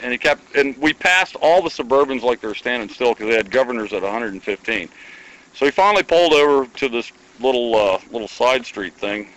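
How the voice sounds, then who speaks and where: A man from Iowa spins a long anecdote in a relaxed, folksy way, jumping into the voices of the people in his story. His voice sits in an ordinary, mid-range pitch for a man. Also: brisk, rough recording. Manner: folksy, animated storytelling with quoted dialogue. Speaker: guest storyteller. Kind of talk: casual anecdote telling.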